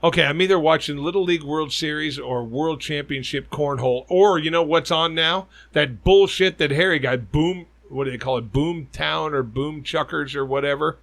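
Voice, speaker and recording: A man's voice: on the high side, normal speed, creaky, few pauses, a bit bright. A man co-hosting a casual podcast, swearing freely and telling jokes and stories. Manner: profane, storytelling, joking. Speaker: podcast co-host.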